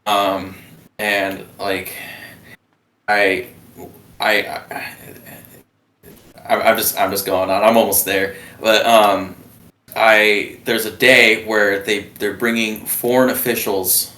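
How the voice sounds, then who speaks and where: A young man, a former submarine sailor, telling his story as a guest in a halting way full of restarts. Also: fairly low pitch, fairly even intonation, sharp tone. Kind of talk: casual storytelling. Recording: roomy, distant mic.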